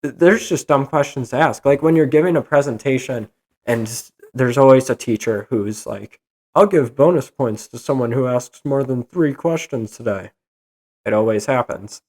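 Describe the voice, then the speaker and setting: Young guy ranting solo on his podcast, fired up and exasperated, mid-pitch voice. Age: young adult. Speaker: podcast host.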